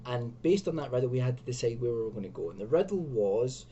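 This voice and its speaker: A man's voice: mid-range voice, very animated, very fast, mellow, a little hiss or hum. Chatty man reading a gamebook. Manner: chatty, self-mocking asides. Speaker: video host. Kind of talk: reading and commenting on an adventure gamebook.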